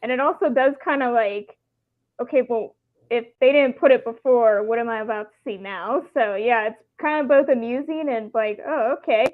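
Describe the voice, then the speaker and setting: Female panelist, higher voice, gushing, thin phone-like remote audio. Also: normal speed. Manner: gushing, excitable. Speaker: co-host panelist. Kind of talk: casual chat. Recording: tinny phone-like call audio.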